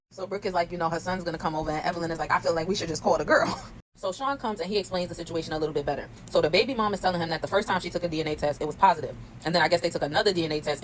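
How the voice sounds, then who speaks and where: Fast-talking low-voiced woman recapping reality TV. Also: a little hiss or hum, rough recording. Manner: chatty, quotes cast members, laughs often. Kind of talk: casual recap commentary.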